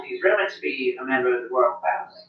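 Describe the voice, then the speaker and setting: A man's voice: mid-range voice, lively intonation, fast, natural voice. Noble elf mother, fretful and confiding, voice lifted a little, as a game master plays her; dull lo-fi sound. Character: proper noble elf mother, worried and gossipy.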